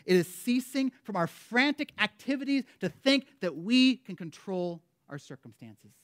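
Emphatic male preacher, loud then hushed. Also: sits high. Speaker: pastor. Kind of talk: sermon.

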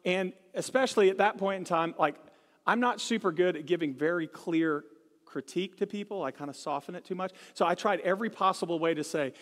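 A man preaching a sermon as pastor, telling stories with humor and animated swings in tone. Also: sits high, fairly quick. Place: church sanctuary. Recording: live church hall reverb.

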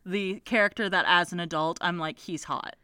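A woman co-hosts a casual book podcast. Her voice is bright and crisp, a little low in pitch, and the sound is dry and close. She drops sarcastic asides and dry jokes. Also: fairly even intonation, moderate pace, dry recording. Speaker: podcast co-host.

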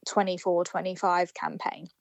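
A woman's voice: lowish voice, level tone, normal speed, gravelly, no echo. Woman from a fan trust, earnest, giggles a lot, lots of ums, dry close mic. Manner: earnest, giggly, many fillers. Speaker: supporters' trust representative. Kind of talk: casual podcast chat.

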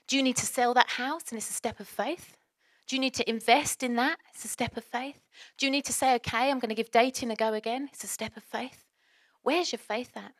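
A woman's voice: on the high side, fairly quick, fairly bright tone, dry recording, studio quality. A woman preaching a sermon as a pastor, earnest and exhorting, firing off rhetorical questions.

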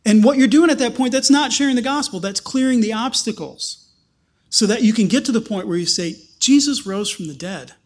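Male pastor, high register, conversational sermon delivery full of rhetorical questions. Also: lively intonation, a little fast.

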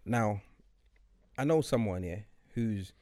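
A man's voice: on the low side, expressive, slow pace, dark tone, dry recording, studio quality. A man, chatting casually on a podcast and telling laid-back, slangy stories. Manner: laid-back storyteller, slangy, laughs often. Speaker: podcast co-host. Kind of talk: casual chat, storytelling.

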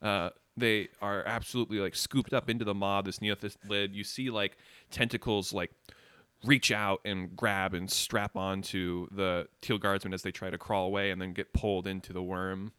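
Deep-voiced male game master, slow and vivid, clear tone. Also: steady tone, bright, forceful tone, dry recording. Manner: unhurried, vivid scene-setting with many fillers. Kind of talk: narrating a tabletop game.

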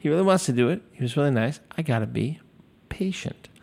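A man's voice: on the high side, lively intonation, fast talker, gravelly, a little mellow. A man in his fifties hosting a solo podcast in a studio, rambling, self-deprecating and swearing freely. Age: 50s. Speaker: podcast host. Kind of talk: casual solo podcast monologue. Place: recording studio. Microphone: studio microphone.

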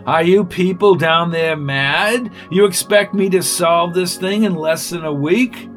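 A man reading aloud as a gruff, irritable male inspector who blusters and complains. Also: high-pitched, a little slow, a bit bright, soft background music, voice pushed up. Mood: outraged. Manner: blustering, exasperated.

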